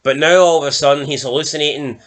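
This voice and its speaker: A man's voice: a little high, steady tone, fast talker, a bit bright. A Scottish man giving a blunt, sweary, mocking TV review in casual chat. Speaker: show reviewer.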